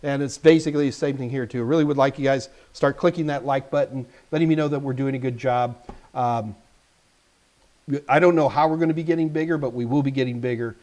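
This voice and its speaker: A man's voice: mid-range voice, fairly even intonation, fast talker, darkish tone. A man hosting a live stream, answering viewers' tech questions in a casual, joking way and talking straight to the chat.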